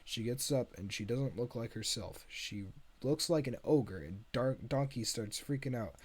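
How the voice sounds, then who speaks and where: A man's voice: mid-range voice, a little slow, darkish tone, breathy edge. A man streaming himself reading a film script's stage directions aloud, stumbling and correcting himself.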